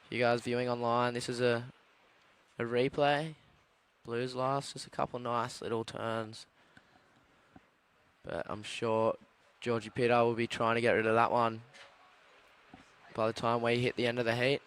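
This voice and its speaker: A man calls a surf heat in a clear, smooth voice of middle pitch. He runs through the scores and colours steadily, keeping the play-by-play informative. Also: level tone, normal speed, long pauses, a bit bright. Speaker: surf commentator. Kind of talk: live sports commentary.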